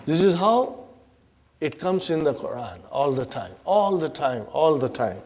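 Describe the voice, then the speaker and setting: A man teaching an Arabic grammar class, animated and playful, acting out grammar words as characters and often checking in with his students. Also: fairly high pitch, a little slow. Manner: animated, checks in with the class with frequent "Huh?" and "Are you with me?".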